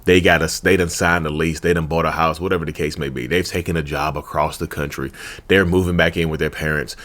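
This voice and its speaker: A man hosting a casual talk video, speaking into a handheld mic while seated at home, colloquial and animated, repeating his phrases with folksy asides. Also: a bass voice, quick pace. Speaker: YouTube host talking about narcissism. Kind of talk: casual direct-to-camera talk. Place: seated at home in front of a tripod camera.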